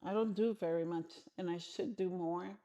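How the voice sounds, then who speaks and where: A woman's voice: lowish voice, steady tone, normal speed, dark tone, lo-fi sound. A middle-aged woman answering interview questions frankly and conversationally, often restarting her sentences.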